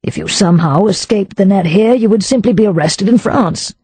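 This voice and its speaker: A woman's voice: medium pitch, a little fast, a little mellow, slightly rough, no room sound. A woman narrator playing a proud older earl who speaks formally and stiffly. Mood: stern.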